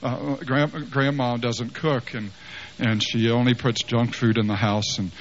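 A man voicing his sullen, broke nineteen-year-old son, grumbling and complaining in a lower voice. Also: fairly even intonation, measured pace, lightly acted. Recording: slightly muffled with faint hiss.

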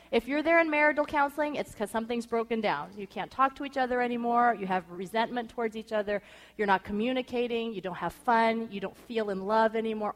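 Animated woman telling a story in a hall. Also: medium pitch. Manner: animated, acts out quoted voices. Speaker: speaker giving marriage advice to wives. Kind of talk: lively storytelling talk. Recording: long reverb of a hall.

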